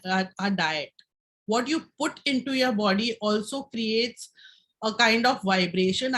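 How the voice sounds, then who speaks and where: A woman with a slightly raised pitch leads a live health workshop. She explains in plain, instructive terms and turns to the room to guide the audience through a breathing exercise, checking in with them as she goes. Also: a bit bright. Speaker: health session speaker.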